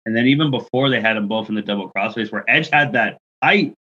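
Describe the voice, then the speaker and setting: A man's voice: lowish voice, quick pace, sharp tone, husky, dull audio. A man co-hosting a casual podcast, leading the review and asking his co-hosts for their takes. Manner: leads the segment, asks others for takes. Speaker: podcast co-host.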